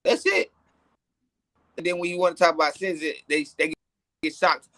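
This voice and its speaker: A man's voice: on the high side, little pitch movement, quick pace, bright, forceful tone, a little hiss or hum. A man in casual conversation, rambling and restarting, with coarse slang. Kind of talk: casual chat.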